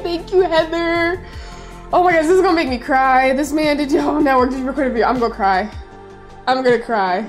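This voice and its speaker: Effusive young woman, high-pitched voice. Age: young adult. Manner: effusive and excitable, often laughing. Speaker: streamer reading viewer messages. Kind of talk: casual live-stream chat.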